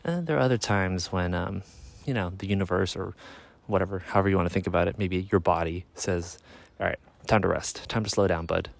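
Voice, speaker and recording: A man's voice: sits low, fairly quick, gravelly. A man in his thirties talking casually outdoors in a vlog, rambling and correcting himself with a wry tone. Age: 30s. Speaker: musician vlogger. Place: outdoors in a yard on a sunny day.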